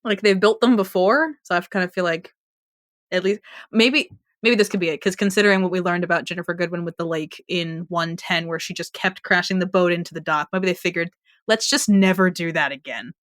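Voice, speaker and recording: Lowish woman rambling through a tv recap, dry close mic. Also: fairly even intonation, a little fast, fairly bright tone, dry recording. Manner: chatty, rambling with restarts and laughs. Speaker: podcast co-host. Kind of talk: casual TV recap chat.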